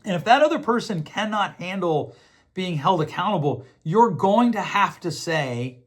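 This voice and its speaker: High-pitched and lively in intonation, a middle-aged male podcast host moves at a moderate pace through a thoughtful monologue on relationships. He speaks earnestly, often starting over and saying things twice.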